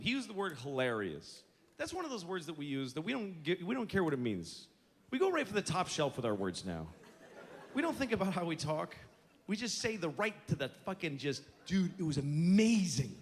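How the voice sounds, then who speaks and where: A man doing stand-up comedy on a stage mic, ranting sarcastically with plenty of swearing. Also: high voice. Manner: profane, sarcastic ranting that builds to outbursts. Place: comedy stage with a live audience. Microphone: handheld stage mic. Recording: noisy live stage recording.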